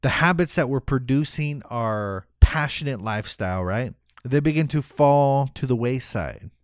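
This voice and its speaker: Energetic man giving a motivational talk. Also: mid-range voice, moderate pace, dry recording, clean studio sound. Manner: energetic, rhetorical, repeats "right?". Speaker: motivational speaker.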